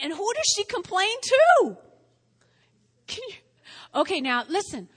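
A woman teaching a lively Bible lesson to a live group, acting out scenes and chatting with her listeners in a church meeting room. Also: very high-pitched, slow pace, long pauses. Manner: animated, acts out scenes, chatty asides to listeners. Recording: reverberant hall.

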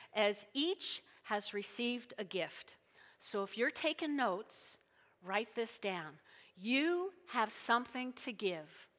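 A woman's voice: fairly high pitch, fairly bright tone. A woman preaching a sermon in a chatty, joking way, acting out little everyday scenes. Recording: long reverb of a large hall.

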